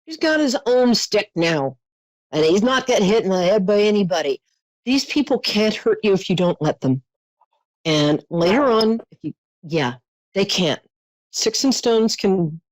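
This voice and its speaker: A woman's voice: medium pitch, a little mellow, dry recording, rough recording. A middle-aged woman hosting a call-in psychic reading, talking earnestly and reassuringly with endearments and open emotion. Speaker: psychic host. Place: studio.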